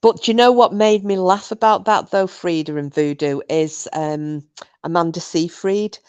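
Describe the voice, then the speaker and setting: A woman's voice: on the low side, moderate pace, darkish tone, clear, resonant tone, no echo, muffled recording. A woman hosting a casual live-stream quiz night, answering viewer comments and often breaking into laughter. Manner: giggly, often bursting into laughter.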